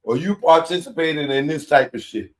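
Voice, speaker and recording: Animated man hosting live commentary. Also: on the high side, normal speed. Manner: animated, laughing, repeats himself. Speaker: commentary show host.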